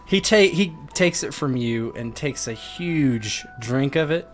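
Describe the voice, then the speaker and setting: A man's voice: medium pitch, a little slow, soft background music. A man running a tabletop game as game master, describing the scene in a casual, loose way.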